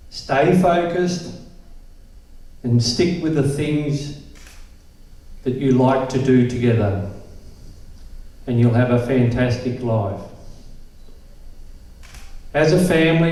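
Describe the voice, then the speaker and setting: An older man gives a wedding toast in a slow, deliberate cadence. His voice is mellow and slightly high, and it comes from far off the mic in a very echoey hall. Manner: slow, measured delivery. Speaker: father giving a wedding toast.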